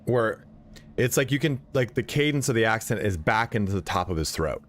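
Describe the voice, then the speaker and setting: A man's voice: low voice, animated, brisk. A young man streaming a video game, chatting casually and sleepily, rambling with lots of "like" and swearing. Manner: rambling, profane, heavy use of "like". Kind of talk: casual live-stream chat while gaming.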